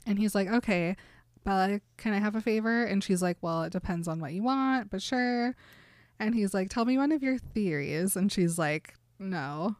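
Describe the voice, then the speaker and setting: A woman's voice: mid-range voice, moderate pace, a little mellow, dry recording, studio quality. A woman chatting casually, retelling scenes in quoted dialogue and laughing often. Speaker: podcast co-host recapping a book. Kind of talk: casual chat.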